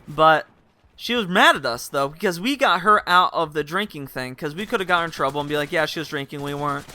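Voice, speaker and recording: A man's voice: on the high side, lively intonation, brisk, sharp tone, dry recording. A young man telling a rambling, casual story to his viewers and laughing at himself. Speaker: vlogger.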